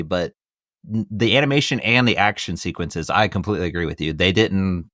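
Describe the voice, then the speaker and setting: Male podcast host, lower pitch, loose rambling delivery, dry recording. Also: animated, a little fast, a bit bright, no room sound. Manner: rambling, repeats himself, hands off questions. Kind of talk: casual chat.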